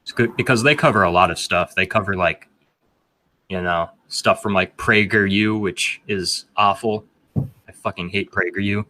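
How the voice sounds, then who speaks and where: A man's voice: lowish voice, fairly even intonation, normal speed, pushed and bright, no room sound. A young man hosting a casual podcast chat, rambling with lots of filler words. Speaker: podcast host.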